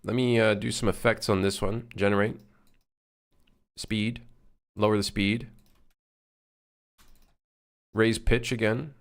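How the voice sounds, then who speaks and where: Man, casual live-stream commentary, low gravelly voice, excitable, swears a lot. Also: slow, long pauses. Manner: excitable, swears and jokes while working. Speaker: game developer streaming.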